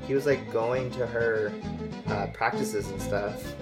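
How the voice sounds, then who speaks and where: A woman chatting casually and telling a story, animated and laughing as she slips into silly put-on accents. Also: a bass voice, a little slow. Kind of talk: casual chat. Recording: music playing behind.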